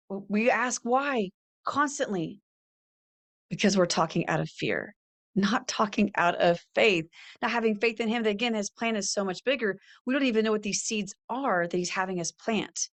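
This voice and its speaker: A woman's voice: medium pitch, expressive, normal speed. A middle-aged woman hosting a faith-based podcast, talking earnestly and reading scripture aloud. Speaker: podcast host. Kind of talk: faith-based motivational talk.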